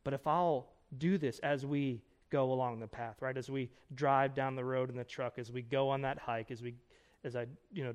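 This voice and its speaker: A man in his thirties teaches a conference breakout like a pastor talking with friends. His delivery is casual and emphatic, his voice sits at an ordinary middle pitch, and he keeps checking in with his listeners. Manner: conversational, emphatic, quick asides and rhetorical "right?". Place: conference room.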